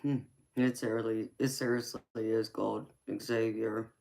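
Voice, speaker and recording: Her voice is a bass, mellow with vocal fry, level in tone and measured in pace. She is a tarot reader and livestream host from the Southern US with a Southern Georgia accent, casually reading comments aloud, often laughing and addressing viewers as honey and sweetheart.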